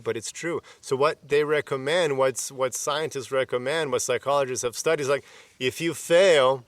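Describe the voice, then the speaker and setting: A man's voice: medium pitch, a bit bright, dry recording. A man teaching on yoga and self-improvement in a loose, conversational way, often saying "you know" and "like" and acting out the self-talk he describes. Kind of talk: casual self-help talk to camera.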